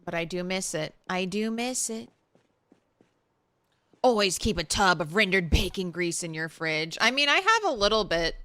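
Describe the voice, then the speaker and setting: A woman's voice: lowish voice, sing-song, moderate pace, pushed and bright, dry recording. A woman from the Southern United States streaming a game and chatting with her viewers in a blunt, talkative way, swearing and laughing now and then. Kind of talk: casual chat while streaming a game.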